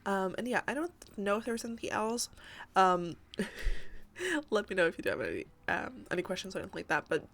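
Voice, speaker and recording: A woman's voice: mid-range voice, big pitch swings, a little fast, gravelly, fairly bright tone. Young woman, casual rambling voice-over, giggly, fillers, home mic. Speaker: Sims builder and YouTuber. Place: home room by day.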